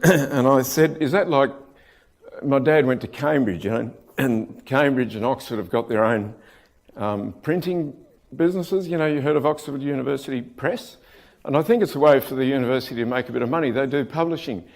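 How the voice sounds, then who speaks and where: A man's voice: medium pitch, moderate pace. Wry Australian man telling a site story. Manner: wry, joking, with frequent restarts and throat-clearing. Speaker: conference speaker, rammed earth contractor. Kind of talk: anecdotal conference talk.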